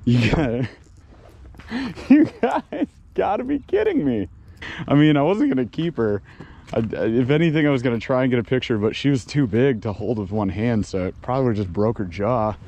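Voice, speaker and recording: Male fishing vlogger, excitable, exclamatory, recorded outdoors on camera audio. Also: mid-range voice, fairly quick. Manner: breathless, exclaims loudly, laughs and talks to viewers. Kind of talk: excited on-the-water fishing vlog. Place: outdoors by a small lake.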